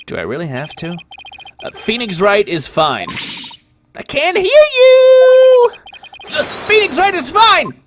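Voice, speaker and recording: A woman's voice: deep voice, big pitch swings, a little fast, long pauses, very noisy. A woman putting on a reluctant, sheepish young male lawyer, with game music behind. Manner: grudging, embarrassed.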